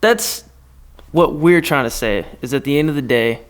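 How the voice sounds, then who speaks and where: A man's voice: mid-range voice, moderate pace. A man co-hosting a casual podcast, upbeat and profane, laughing often. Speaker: podcast co-host.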